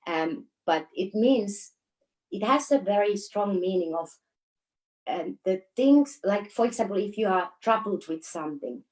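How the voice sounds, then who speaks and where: A Finnish woman with a mid-pitched voice, speaking English with a Finnish accent as an interview guest. She tells stories in a relaxed way, laughing often and pausing to search for words. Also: low-quality recording. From Finland. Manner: storytelling with frequent laughs and hesitations. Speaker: guest, dancer. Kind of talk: casual interview chat.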